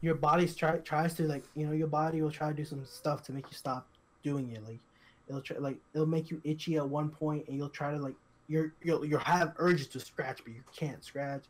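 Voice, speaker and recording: A young man co-hosting a podcast, telling a story in casual chat, halting and repetitive, full of fillers and restarts. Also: fairly high pitch, steady tone. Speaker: podcast co-host.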